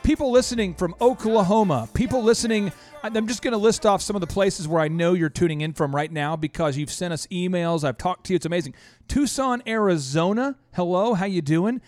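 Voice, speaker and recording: High-voiced, energetic male show host. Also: no echo. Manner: energetic, animated storyteller with quick restarts. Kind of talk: upbeat radio-style show hosting.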